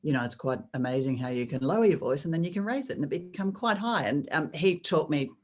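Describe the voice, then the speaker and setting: A middle-aged woman with an Australian accent and a very deep voice, a sports presenter speaking in a measured, reflective way in a podcast interview. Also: lively intonation, darkish tone.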